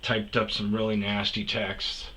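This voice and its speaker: A man's voice: fairly low pitch, monotone, a little slow, pushed and bright, rough recording. A man hosting a podcast, telling a story in a profane, heated rant that keeps restarting its sentences. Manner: swears often, restarts sentences, gets heated. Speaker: podcast host.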